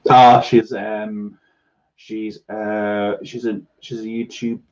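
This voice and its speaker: A man's voice: lowish voice, level tone, slow, a little mellow, muffled recording. A man with a Newcastle Geordie accent hosting a casual livestream chat, stammering and restarting his sentences a lot. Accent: Northeast English, Newcastle. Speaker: host.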